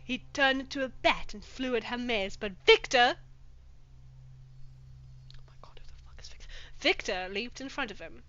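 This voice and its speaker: A woman's voice: fairly high pitch, moderate pace, long pauses, pushed and bright, no echo, muffled recording. A woman hosting a comedic reading of fanfiction with her own commentary, speaking in a profane, sarcastic and exasperated manner. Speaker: host reading fanfiction aloud.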